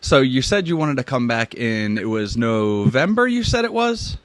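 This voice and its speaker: A man's voice: mid-range voice, sing-song, normal speed, no room sound. Male interviewer, dry recording; friendly, enthusiastic, long casual questions. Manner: friendly, enthusiastic, repeats "that's awesome".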